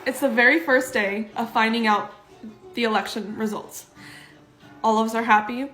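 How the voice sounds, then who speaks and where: A woman's voice: on the high side, fairly even intonation, a bit bright. Tearful young woman talking to camera. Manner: earnest, halting, apologetic. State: tearful, on the verge of crying. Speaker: social media poster. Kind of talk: emotional vlog to camera. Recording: echoey room with music under it.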